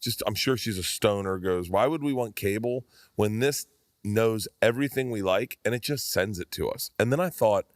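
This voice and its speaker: At a normal speed, a low-leaning male voice belongs to a podcast guest in his fifties who tells meandering, lively stories and voices the quotes as he goes. It's clean studio audio, free of echo.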